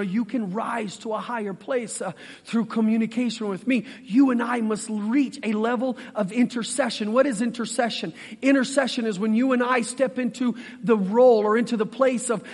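A pastor delivers his sermon in a strikingly high voice, folksy and animated, slipping into little acted-out voices. The sound carries a long reverb from a big hall.

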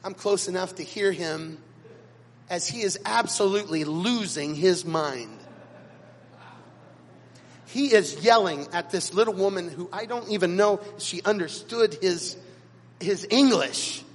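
A man, a pastor, preaching a sermon and telling stories dramatically, with sudden swings between quiet and loud. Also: high voice, a little slow, long pauses, long reverb tail. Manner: dramatic storytelling with big swings in loudness. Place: church sanctuary.

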